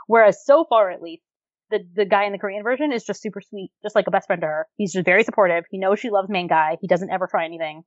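A woman's voice: medium pitch, fast talker, dry recording. Chatty woman, laughing, dull lo-fi sound. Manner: animated, laughs often, many fillers. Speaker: podcast co-host reviewing dramas. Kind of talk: casual chat.

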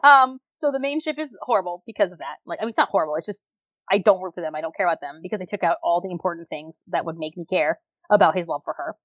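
A woman co-hosting a podcast in casual chat, animated, with lots of fillers and frequent laughter. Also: on the low side, quick pace, no echo, highs cut off. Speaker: podcast co-host reviewing dramas.

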